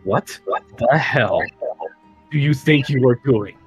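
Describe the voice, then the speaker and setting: A man's voice: fairly low pitch, moderate pace, close to an everyday voice. A man voicing an angry, haughty female sorceress who speaks in cold threats, over faint music. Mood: outraged.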